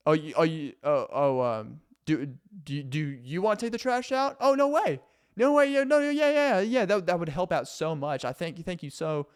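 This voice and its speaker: A man's voice: a little high, lively intonation, normal speed, few pauses, clean tone, close to an everyday voice. A man voicing a passive-aggressive roommate who talks in an overly sweet, fake-casual way and hints at chores. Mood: gushing.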